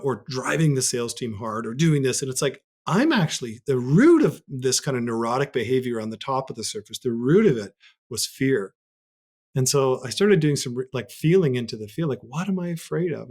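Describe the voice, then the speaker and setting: As a guest on a podcast, a man earnestly and reflectively tells a story from his own life in conversation. His pitch is ordinary for a man but leaps upward when he acts out a moment.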